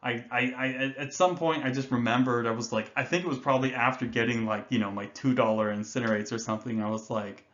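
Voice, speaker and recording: A man hosting a card game finance video, talking excitedly and rambling, with casual swearing and many restarts. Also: mid-range voice, fast talker, few pauses, lo-fi sound.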